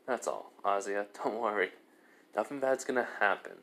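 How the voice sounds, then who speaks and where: Casting: a man doing a calm, earnest teenage boy in a fan-made story retelling, voice sitting low. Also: moderate pace, vocal fry. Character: teenage boy, newly serious and determined.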